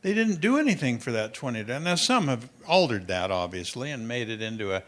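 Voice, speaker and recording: An older man giving a parenting talk at a conference, telling lively anecdotes to an audience and acting out his son's voice. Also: mid-range voice, fairly quick. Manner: animated storyteller, acts out his child's voice. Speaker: parenting speaker.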